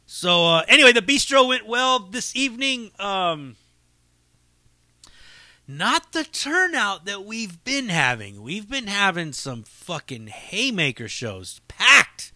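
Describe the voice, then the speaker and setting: A man's voice: high voice, big pitch swings, slow, pushed and bright, no room sound. A man hosting a podcast, telling stories in a profane, rambling, casual monologue with frequent laughs. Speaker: podcast host and comedy show runner.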